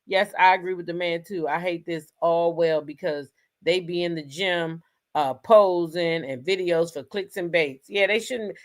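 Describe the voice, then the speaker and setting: Blunt, profane woman host chatting through commentary; slightly low voice. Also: unhurried. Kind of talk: casual commentary.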